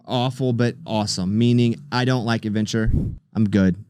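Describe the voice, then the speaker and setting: A man's voice: on the low side, moderate pace, clear, resonant tone, dry recording. Man telling a story, dry close sound. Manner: animated storyteller who acts out the people he quotes. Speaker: podcast guest, radio host and comedian. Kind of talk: casual storytelling interview.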